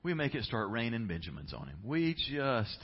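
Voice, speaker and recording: A man's voice: mid-range voice, very animated, normal speed, slightly rough, muffled recording. A man preaching a sermon as pastor, telling a story and building to passionate emphasis.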